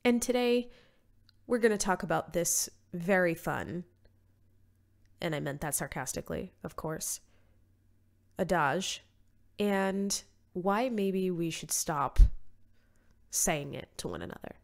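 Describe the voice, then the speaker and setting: A woman's voice: on the low side, expressive, a little slow, vocal fry, long pauses. A woman in her thirties hosting a solo podcast, sounding nasal from allergies, blunt and sarcastic with casual swearing. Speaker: podcast host.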